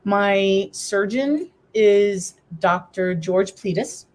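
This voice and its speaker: A woman's voice: medium pitch, extremely slow, darkish tone. A woman guest in a live interview, telling a personal story in an earnest, candid way and acting out past conversations. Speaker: guest, breast cancer survivor and coach.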